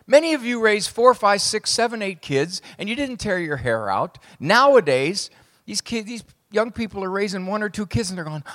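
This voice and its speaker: Middle-aged male speaker, fairly high voice, dry punchy humor, live talk in an echoing hall. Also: moderate pace. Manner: wry, punchy, deadpan jokes. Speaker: psychologist speaking to an audience. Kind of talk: humorous speech to a live audience. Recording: long hall reverb.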